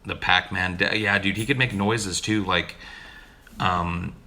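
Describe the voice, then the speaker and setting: A man's voice: sits low, steady tone, unhurried, sharp tone. A man chatting casually with his stream audience, laid-back and profane, often calling people dude. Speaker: streamer answering chat. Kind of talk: casual chat. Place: home recording room.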